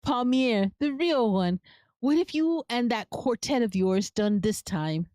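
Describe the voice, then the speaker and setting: A woman's voice: a little high, animated, a little slow, darkish tone, no echo. A woman voicing a smug, greedy male sorcerer. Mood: angry scolding. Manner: smug, threatening, cursing. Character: greedy scheming male shopkeeper-sorcerer, menacing.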